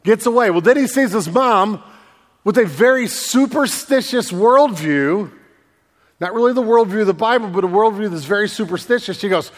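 Brief: a male pastor with a high voice giving a chatty sermon, long echo. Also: lively intonation, moderate pace. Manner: conversational, checks in with listeners, repeats words.

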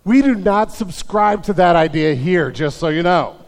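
A man's voice: sits high, lively intonation, normal speed, long reverb tail. A male pastor preaching a sermon in a church, telling stories with jokes and frequent restarts. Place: church sanctuary.

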